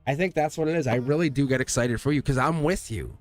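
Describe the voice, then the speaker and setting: A man's voice: medium pitch, fast talker. Chatty man, laughing through rambling stories. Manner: quotes himself often. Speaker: tarot reader. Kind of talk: casual livestream chat. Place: home studio. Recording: faint music behind.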